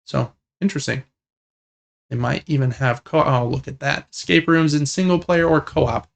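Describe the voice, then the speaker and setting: A young man co-hosting a casual gaming podcast, talking in a relaxed, rambling and enthusiastic way. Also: mid-range voice, moderate pace, vocal fry. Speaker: podcast co-host.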